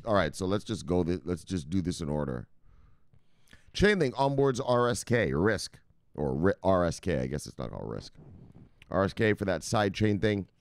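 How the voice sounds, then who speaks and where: A lowish, clear, resonant male voice comes through with no echo and clean studio sound. It's casual live market commentary: a crypto news host rambling about charts, swearing frequently and working himself up.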